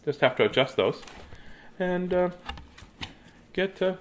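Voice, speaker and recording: A middle-aged man chats playfully to children from his home, rambling and greeting viewers by name before reading. His voice sits a little high and swings widely, bouncing with animation. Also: animated, slow, long pauses. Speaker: children's storybook reader. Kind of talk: casual live-stream chat and read-aloud.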